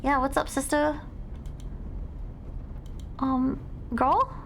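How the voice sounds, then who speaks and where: A young woman streaming a game live, excitable and dramatic, reacting out loud and swearing freely. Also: sits high, very slow, vocal fry, a little hiss or hum. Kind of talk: live gameplay commentary.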